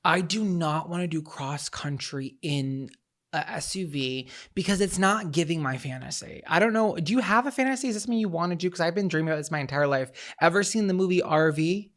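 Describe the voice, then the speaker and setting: A young man co-hosting a casual podcast, teasing his partner and jumping into high quoted voices and sung bits. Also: fairly quick, fairly bright tone. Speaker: podcast co-host. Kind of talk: casual chat.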